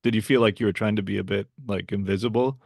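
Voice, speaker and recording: A man hosting a podcast interview, asking hesitant, gentle questions. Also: lowish voice, fairly even intonation, fast, vocal fry, slightly rough, no room sound, studio quality. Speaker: podcast host. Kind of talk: casual interview.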